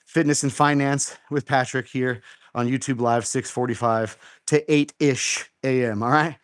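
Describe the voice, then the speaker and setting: A middle-aged man coaches a home workout live, with a middling pitch and plenty of encouragement. He repeats his cues and keeps the instructions simple. His voice sounds dry and close. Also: steady tone, measured pace, smooth, no echo. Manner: encouraging, repeats instructions, counts reps aloud. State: out of breath after exercise. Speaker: fitness coach and live show host.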